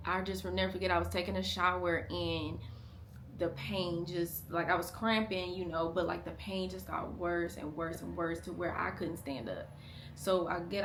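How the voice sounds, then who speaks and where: A young woman talking candidly to her vlog camera. She speaks in a halting way, with many "like" fillers and restarts, at times hushed and strained. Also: medium pitch, a little hiss or hum. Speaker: family vlogger. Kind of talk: candid confessional vlog talk.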